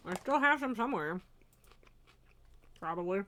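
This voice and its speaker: Woman, game streamer, casual live-stream chat, laughs a lot, swears, self-deprecating, mid-pitched voice. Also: expressive, moderate pace, long pauses, fairly bright tone.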